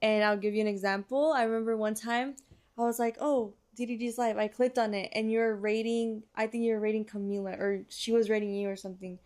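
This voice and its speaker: A woman's voice: mid-range voice, steady tone, brisk, darkish tone. A young adult woman hosting a podcast, asking questions in a casual, teasing, somewhat hesitant way. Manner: curious, teasing, hesitant with fillers. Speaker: podcast host. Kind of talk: casual interview.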